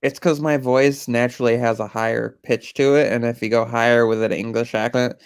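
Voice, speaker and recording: A man's voice: mid-range voice, steady tone, a little fast, smooth. A man from Michigan with a Michigan accent, chatting casually and explaining things at length in a playful way. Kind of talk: casual chat.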